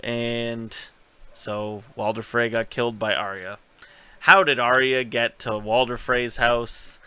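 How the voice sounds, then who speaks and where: A man hosting a casual podcast recap, chatty, cursing freely and paraphrasing scenes in quick retellings. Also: mid-range voice, steady tone, bright, forceful tone, clear, resonant tone, no echo. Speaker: podcast host.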